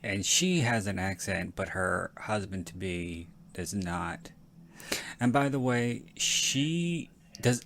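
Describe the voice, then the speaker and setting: Male podcast host, deep voice, rambling frank film commentary, casual swearing. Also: a little hiss or hum.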